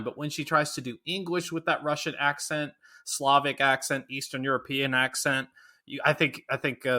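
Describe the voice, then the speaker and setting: Chatty guy co-hosting a podcast, rambles, mid-pitched voice. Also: pushed and bright. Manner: chatty, rambling, laughs often. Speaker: podcast co-host. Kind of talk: casual podcast chat.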